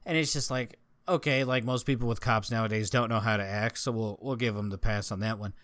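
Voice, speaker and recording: A man chatting casually and swearing freely as he tells a story with animated energy. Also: on the low side, fairly quick, no echo. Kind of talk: casual chat.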